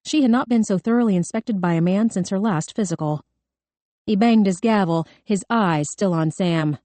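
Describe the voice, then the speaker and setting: A woman narrating an audiobook thriller in a measured, tense storytelling manner. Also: mid-range voice, dark tone, dry recording. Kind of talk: scripted narration.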